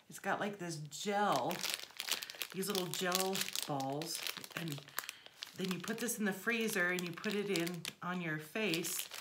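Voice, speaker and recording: A woman's voice: fairly low pitch, heavy background noise. A woman hosting a casual crafting vlog, unboxing gifts and repeating her thanks, still recovering from the flu. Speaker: crafting channel host.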